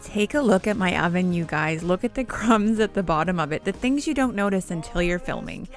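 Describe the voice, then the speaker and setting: Over soft background music, a woman with a lowish, expressive voice talks fairly quickly as she cooks at home. She's a Canadian vlogger in her thirties, chatty and slightly breathless, speaking straight to her audience in a casual cooking chat.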